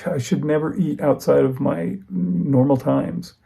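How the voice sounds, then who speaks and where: Gravelly, husky man vlogging casually. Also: on the high side, a little slow. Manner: rambling, relaxed, many ums. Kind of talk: casual diet vlog talk.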